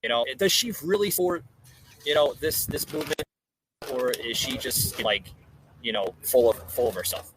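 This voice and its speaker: A man's voice: mid-range voice, normal speed, background noise. A man hosting a casual political chat podcast from an outdoor porch, talking in a rambling way with lots of fillers and restarts. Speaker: podcast host.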